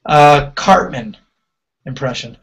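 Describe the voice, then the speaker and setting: A man's voice: mid-range voice, takes it slowly. A male DJ hosting a casual interview over a video call, chatty and full of fillers. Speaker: DJ host.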